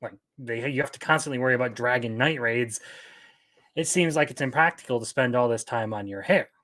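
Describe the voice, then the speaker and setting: Brief: mid-pitched male co-host, casual and a little halting. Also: a bit bright. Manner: hesitant, restarts and searches for words. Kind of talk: casual commentary.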